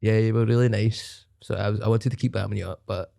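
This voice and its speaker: A man's voice: on the low side, fairly even intonation, fast talker, vocal fry, warm tone. A man telling rambling stories with frequent laughter in a casual podcast chat. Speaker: comedian guest.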